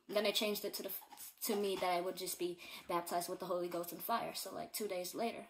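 A woman's voice: lowish voice, steady tone, quick pace, a little hiss or hum. A teenage girl at home giving a casual personal testimony, earnest and rambling, with many fillers and repeats. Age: teens. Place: at home in a bedroom.

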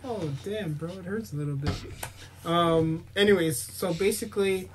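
A young man co-hosting a podcast, recapping an episode in an excitable, joking way and acting out lines. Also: sits high, moderate pace, a little hiss or hum, poor audio. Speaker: podcast co-host. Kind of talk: casual chat, recapping an episode.

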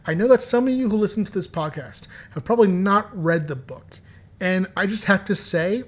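A man's voice: high-pitched, normal speed. A man hosting a podcast and talking about his comics in a playful, joking, chatty way. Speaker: podcast host and comics writer. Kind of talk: casual podcast commentary.

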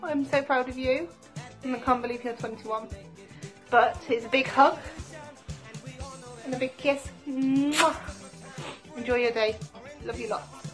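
A woman recording an emotional birthday video message on a phone, quiet and close to tears. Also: high-pitched, fairly even intonation, measured pace, pauses often, music in the background. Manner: warm, emotional, quietly tearful.

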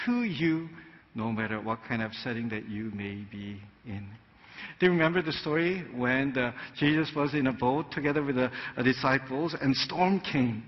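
A male pastor preaching a sermon in a conversational way, full of fillers like "you know," and he often acts out quoted voices. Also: fairly high pitch. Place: church sanctuary. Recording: dull sound in a large reverberant church hall.

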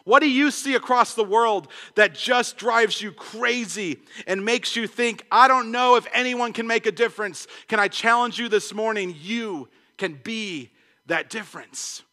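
A young man preaching a sermon, passionate and quick, stumbling through restarts and acting out little quoted exchanges. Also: high-pitched, sharp tone. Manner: passionate, fast-talking preacher with many restarts and acted quotes. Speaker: pastor. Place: church sanctuary. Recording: long church hall reverb.

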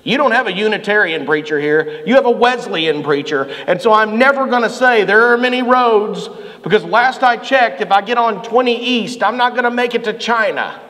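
A middle-aged man preaching a sermon as pastor, telling animated stories and shouting out the lines he quotes. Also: on the high side, moderate pace, big-room sound, rough recording. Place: church sanctuary.

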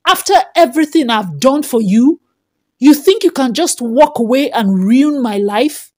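Woman playing an angry young husband, forceful, snapping, lively pitch. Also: a little slow. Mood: furious.

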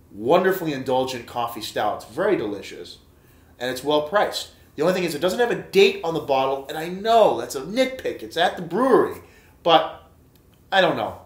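A man's voice: on the high side, reverberant. A man reviewing beer in a casual, chatty vlog, enthusiastic and talking straight to his viewers. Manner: enthusiastic, chatty, repeats himself and addresses viewers as guys.

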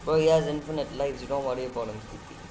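A male gaming host giving casual gameplay commentary, excitable, yelping high and repeating himself. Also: very fast, noisy background. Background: game music playing under the voice.

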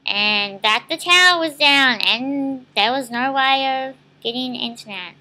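Young Australian woman vlogger, high voice, exasperated and cussing through a casual rant. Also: bright, forceful tone. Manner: exasperated and swearing.

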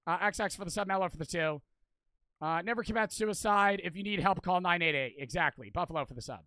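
Swearing young man streamer, bright and high. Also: fast talker, dry recording. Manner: swears constantly, rattles off donor thanks. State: out of breath. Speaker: livestreamer. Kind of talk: casual charity livestream chat.

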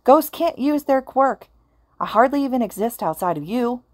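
Brief: a woman playing a snappish teen ghost boy, raised and loud, frantic, dry close audio. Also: mid-range voice, lively intonation, moderate pace, dry recording, voice pushed up, close to an everyday voice. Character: agitated teenage boy ghost, sharp-tongued.

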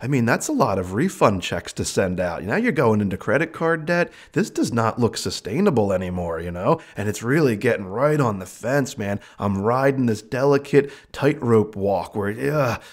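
A man's voice: medium pitch, normal speed, few pauses. A man hosting a podcast, chatting casually and candidly about his work as a medium. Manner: candid, animated, acts out quoted voices. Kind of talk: casual storytelling chat.

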